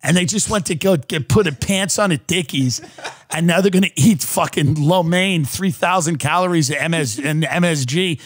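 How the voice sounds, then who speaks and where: High-voiced guy ranting sarcastic on his podcast, dry close sound, big swings in pitch. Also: moderate pace, breathy edge, dry recording. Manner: sardonic ranting, mocking voices. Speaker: podcast host. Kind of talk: comedic monologue.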